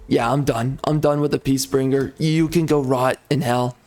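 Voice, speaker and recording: A man's voice: medium pitch, fairly even intonation, moderate pace, hardly any pauses, darkish tone, soft background music. A man giving casual gameplay commentary, ranting in a mock-outraged, sarcastic way. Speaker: strategy game YouTuber.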